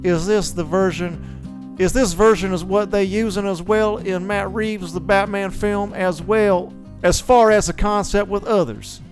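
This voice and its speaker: A man voicing an earnest male Southern fan reading out his comment, in a put-on American Southern accent and a raised pitch. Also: steady tone, measured pace, over music.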